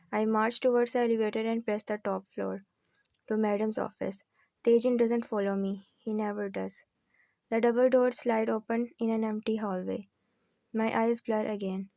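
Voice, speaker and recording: A woman narrates a novel in the first person with calm, even storytelling. Her voice sits fairly high, with a flat, mellow tone, recorded dry and close. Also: gravelly, no room sound. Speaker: audiobook narrator.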